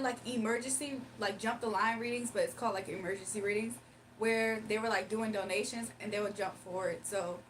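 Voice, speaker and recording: A woman's voice: on the high side, a bit bright, far from the mic, a little hiss or hum. A young woman hosting a casual livestream, chatting, laughing often and reading viewers' comments aloud. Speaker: livestream host doing readings.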